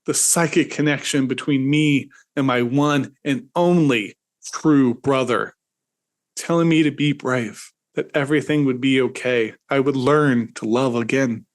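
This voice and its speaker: A man reading his own satirical short story aloud, with a middle-pitched voice that leaps high at the comic peaks. His delivery is theatrical, leaning into mock-heroic drama. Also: a little slow. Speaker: host and author.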